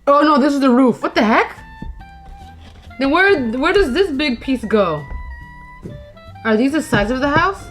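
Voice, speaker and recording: Animated young woman vlogging while crafting. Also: high-pitched, a little slow, pauses often, soft background music. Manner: chatty, animated, talks to herself and viewers. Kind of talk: casual chat while crafting.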